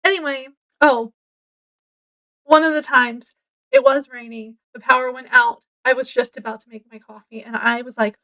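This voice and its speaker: A woman's voice: high voice, fairly even intonation, normal speed, bright, forceful tone. A woman, rambling casually to camera at home as a book vlogger, with lots of fillers. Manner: rambling, chatty, many fillers. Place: home, indoors.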